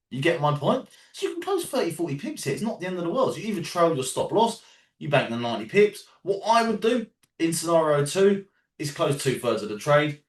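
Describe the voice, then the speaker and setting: A man with a London accent runs a casual trading lesson, his voice pitched a little high and swinging widely as he drives each point home. He keeps checking in with "yeah?" and "right?" and swears in passing. He sits back from the microphone in a roomy, echoing space. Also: recorded from a distance. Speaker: trading coach. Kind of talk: teaching a live group call.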